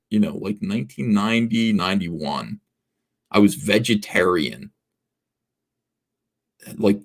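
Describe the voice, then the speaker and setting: Rambling sarcastic man hosting a livestream. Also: lowish voice. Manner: rambling, sarcastic, jokey with frequent fillers. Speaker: livestream host. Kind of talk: casual livestream chat reading super chats. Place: home office in a basement.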